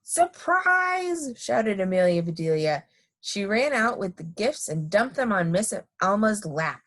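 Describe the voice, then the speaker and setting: A woman reading a children's picture book aloud in an expressive, lively manner. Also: mid-range voice, measured pace. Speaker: storybook reader.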